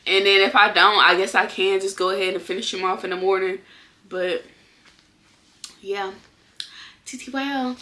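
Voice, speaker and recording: A woman's voice: mid-range voice, fairly even intonation, moderate pace, pauses often, sharp tone. A young woman book vlogger talking casually to her viewers, venting in exasperation with repeated exclamations. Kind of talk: casual vlog talk to camera.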